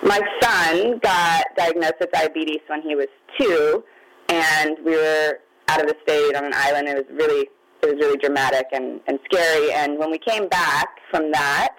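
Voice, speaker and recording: A woman's voice: sits low, rough recording. Middle-aged woman guest, candid, emotional, holding back tears. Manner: open, candid, near tears at times. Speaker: guest, magazine founder. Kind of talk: emotional personal storytelling.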